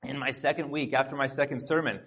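Speaking in a mid-range, steady voice that is husky, slightly breathy and a bit bright, this pastor moves at a quick pace through a sermon in a church sanctuary. He keeps things earnest and conversational, sometimes breaking off to talk straight to the people in the pews.

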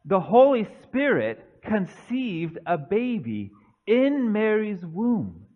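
A male pastor preaching a sermon with deliberate, emphatic pauses. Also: sits high, big pitch swings, phone-quality sound.

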